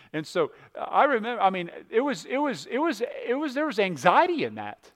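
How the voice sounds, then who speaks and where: A man preaching a sermon as a pastor, moving between loud emphatic stretches and hushed ones, often repeating words as he goes. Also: high voice, wildly swooping pitch, normal speed.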